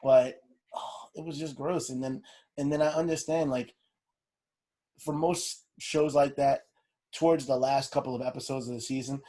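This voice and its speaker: Male podcast co-host, husky, animated and profane. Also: medium pitch, moderate pace. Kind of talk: casual chat.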